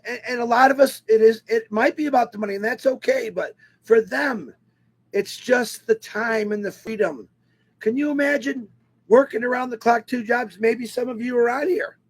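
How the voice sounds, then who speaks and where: Man, unusually high husky voice, animated webinar storyteller. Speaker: webinar speaker. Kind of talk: personal storytelling to an online audience.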